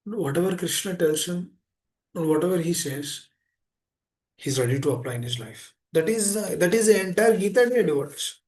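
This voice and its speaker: A man's voice: high-pitched, expressive, moderate pace, darkish tone. A man giving an earnest sermon, often repeating phrases and asking rhetorical questions. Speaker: speaker giving a scripture class.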